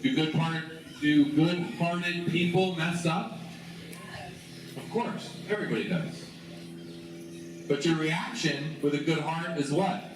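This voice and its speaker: A man giving a relaxed storytelling sermon to students in a school chapel, chatty and calling on the room to join in. He talks at an unhurried pace from well away from the mic. A heavy chapel echo and steady background noise surround his voice. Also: fairly high pitch, distant mic. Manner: casual, conversational, prompts the audience to join in. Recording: very echoey chapel from afar, noisy.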